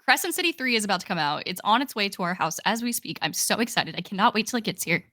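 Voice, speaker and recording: Young female podcast co-host, bright and chatty, dry recording. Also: medium pitch, expressive, fast, no room sound. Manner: chatty, enthusiastic, many "like"s. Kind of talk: casual chat.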